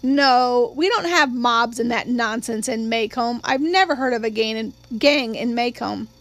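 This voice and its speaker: A woman reading the part of a calm, patient small-town lawyer father, speaking quietly and evenly. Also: fairly high pitch, unhurried. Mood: measured.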